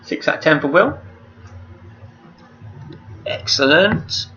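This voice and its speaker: A man's voice: a little high, normal speed, bright, forceful tone, a little hiss or hum. A man hosting a charity quiz over a video call, chatty and rambling, reading out each question twice. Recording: dull lo-fi call audio.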